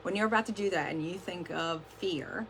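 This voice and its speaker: On a livestream, a woman with a lowish, fairly bright voice motivates her team at a moderate pace, keeping it casual and chatty with lots of "like" and an occasional curse. Slight background noise is audible, and her close-up camera mic is adjusted mid-stream.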